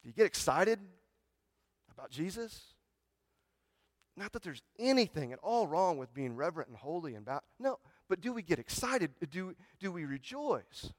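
A pastor delivers his sermon conversationally, often asking "right?" and repeating words as he shifts from hushed, reverent lines to loud, excited ones. His voice is a little high, and there's no room sound.

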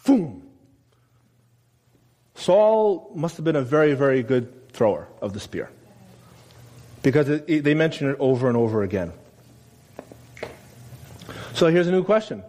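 A man preaching a sermon in a conversational way, asking his listeners questions and loudly acting out the quotes he reads. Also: fairly high pitch, big pitch swings, measured pace, pauses often. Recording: long reverb of a large room.

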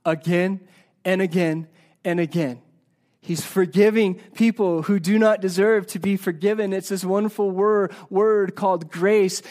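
Male pastor from the States, high voice, earnest sermon delivery with loud and hushed swings. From United States. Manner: earnest, swings between loud emphasis and hushed slow passages. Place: church sanctuary.

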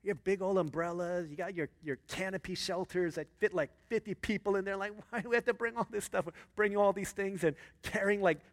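A male pastor preaching a sermon, an animated storyteller who shifts into a hushed, earnest tone. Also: sits high, brisk, few pauses.

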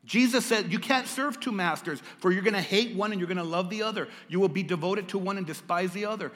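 A man's voice: high voice, fast, a bit bright, long reverb tail. A male pastor preaching a sermon, dramatic and repeating lines for emphasis as he calls out to the congregation. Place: church.

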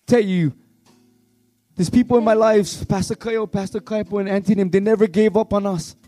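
A man leading worship, preaching with fervent, pleading passion that swings from shouts to hushed tones. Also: high-pitched, steady tone, a little fast, no room sound. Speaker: worship leader. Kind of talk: impassioned youth revival sermon.

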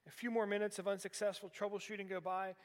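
A man's voice: sits high, flat delivery, quick pace. A man of about forty preaching a sermon in a church, telling a candid personal story with self-deprecating humor. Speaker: pastor. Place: church sanctuary. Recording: long hall reverb in a church.

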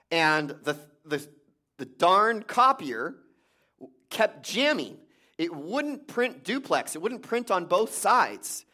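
A pastor giving a sermon, speaking in a somewhat high voice for a man. He tells his stories plainly and casually, stopping and restarting his sentences as he goes. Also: bright, forceful tone. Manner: conversational storytelling with many restarts.

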